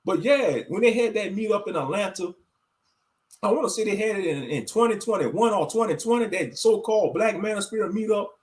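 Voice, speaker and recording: A man's voice: sits high, animated, a little fast. A man in his thirties giving blunt, profane, rambling commentary on a casual livestream, talking straight to his viewers as family. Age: 30s. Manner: addresses viewers directly as family.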